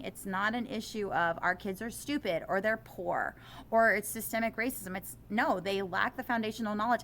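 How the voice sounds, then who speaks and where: A middle-aged woman teacher talking in an interview, animated and self-deprecating, growing impassioned as she makes her case. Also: mid-range voice, slight background noise.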